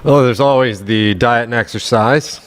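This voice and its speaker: A man's voice: medium pitch, normal speed. A man co-hosting a casual talk show, mostly giving short agreeing replies and dry quips. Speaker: co-host. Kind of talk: casual chat.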